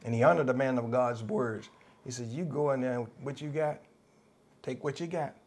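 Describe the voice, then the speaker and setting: A man's voice: medium pitch, normal speed, darkish tone. A man with a Southern US accent preaching a sermon, emphatic and repetitive, acting out the voices of the people he quotes. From United States. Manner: passionate, emphatic, repeats phrases, acts out quoted voices. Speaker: pastor.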